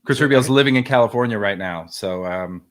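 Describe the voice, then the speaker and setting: A man's voice: medium pitch, brisk. A man hosting a stream, thanking viewers and chatting playfully with friends. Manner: playful, shout-outs to viewers. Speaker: streamer and host. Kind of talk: casual chat.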